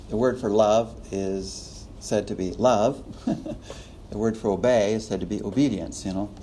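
A man's voice: lowish voice, dark tone, slight background noise. A man teaching a preaching class in a classroom, chuckling often and acting out little quotes as he lectures. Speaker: preaching instructor.

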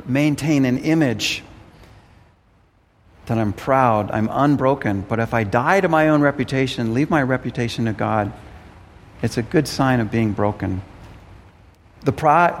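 A man's voice: medium pitch, normal speed, in a large hall. A man preaching an earnest sermon, often repeating words as he works out a thought. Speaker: pastor.

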